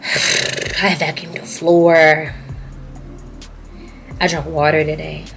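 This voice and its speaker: A woman's voice: low voice, flat delivery, slow pace, vocal fry, fairly bright tone, faint music behind, poor audio. A young woman with a Southern US accent, talking candidly to her viewers in a personal video diary. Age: young adult. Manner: candid, emotional, speaking to viewers. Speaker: YouTuber.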